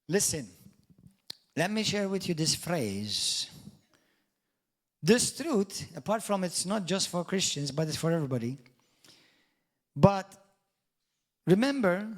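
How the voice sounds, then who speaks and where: High-voiced emphatic male preacher. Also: sing-song, a little slow, long pauses. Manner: emphatic preaching with wide swings in loudness and pitch; jokey asides and mock quotes of doubters. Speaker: pastor. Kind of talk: sermon.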